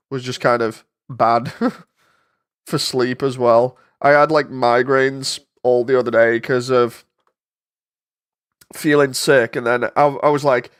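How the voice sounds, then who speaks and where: A man with a stuffy, congested voice from a cold, chatting casually and thinking aloud while he edits an animation. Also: medium pitch. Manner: rambling, thinking aloud, with frequent fillers. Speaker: 3D animator and channel host. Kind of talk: casual chat while editing.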